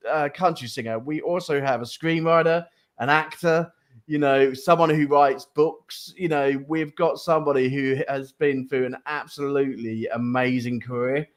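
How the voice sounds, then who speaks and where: A man's voice: mid-range voice, steady tone, moderate pace. A male talk show host from Cambridgeshire with a Fens English accent, chatting in a jokey, rambling way with lots of restarts. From Cambridgeshire, England. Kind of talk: casual live talk show chat.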